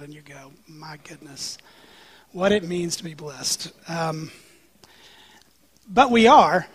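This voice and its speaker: A man's voice: sits high, a bit bright, no echo. A male pastor preaching a sermon in a conversational, joking way, with frequent "um"s.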